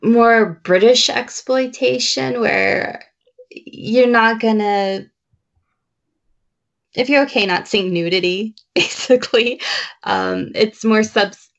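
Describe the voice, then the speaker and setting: A woman's voice: fairly high pitch, slow pace, vocal fry, muffled recording. A woman co-hosting a horror film podcast in casual chat, wry and dry-humored. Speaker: podcast co-host.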